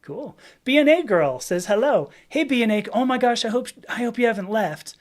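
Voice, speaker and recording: A woman's voice: fairly high pitch, lively intonation, normal speed. A woman hosting a casual livestream, answering viewer questions in a rambling, chatty way and often breaking into laughter. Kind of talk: casual chat.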